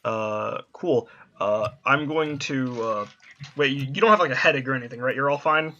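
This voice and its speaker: A man's voice: medium pitch, moderate pace, sharp tone, muffled recording. A man narrating as game master for a tabletop game, talking hesitantly with many fillers.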